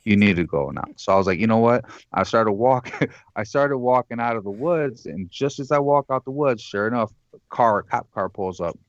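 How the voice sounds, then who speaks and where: This caller from Michigan speaks at a moderate pace in a mid-range voice, rambling through a lengthy, profane story and acting out its characters in a casual storytelling style. The recording is dry, with the highs cut off.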